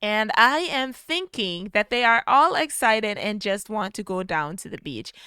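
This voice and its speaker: A woman talks through her life-sim game in a relaxed, chatty way, often delighted by what she finds. Her voice is smooth and clear at a middle pitch, recorded dry on a close microphone. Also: no room sound. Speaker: gameplay video creator. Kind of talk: casual gameplay narration.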